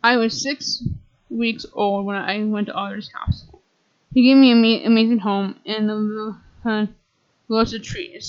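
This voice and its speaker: A woman's voice: medium pitch, natural voice. Woman reading as Dumpling, a chatty little hamster. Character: chatty talking pet hamster, male, small. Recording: dull lo-fi recording.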